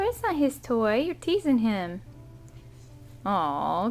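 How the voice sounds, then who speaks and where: A woman's voice: fairly high pitch, huge pitch swings, slow pace, pauses often, darkish tone. A young mother talking baby talk to her toddler at home, coaxing and playful, recorded on a handheld camcorder. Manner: sing-song, coaxing.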